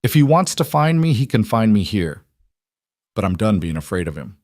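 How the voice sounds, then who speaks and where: A man voicing a wounded but resolute woman executive in an audio story, speaking quietly and steadily. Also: on the low side, big pitch swings, moderate pace, no room sound, clean studio sound.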